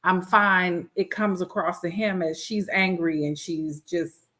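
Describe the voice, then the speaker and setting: Thoughtful woman, soft-spoken ums. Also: on the low side, unhurried. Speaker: guest pastor, wife. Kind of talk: casual conversation on marriage.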